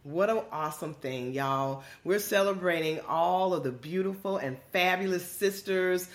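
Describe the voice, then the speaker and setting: A woman from Georgia hosting a podcast, talking to listeners in an emphatic, casual way and calling them "y'all". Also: lowish voice. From Georgia, USA. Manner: calls listeners "y'all", drawn-out emphatic delivery. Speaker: podcast host.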